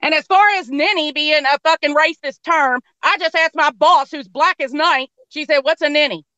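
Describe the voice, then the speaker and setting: A woman's voice: sits high, moderate pace, sharp tone, no echo. A woman in casual chat, ranting angrily and swearing constantly. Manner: angry, profane ranting.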